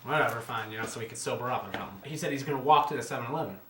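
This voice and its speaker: A man's voice: medium pitch, racing, a little hiss or hum. Profane young man telling a story. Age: 20s. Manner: animated, profane, acts out other people's lines. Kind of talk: casual storytelling. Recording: echoey room.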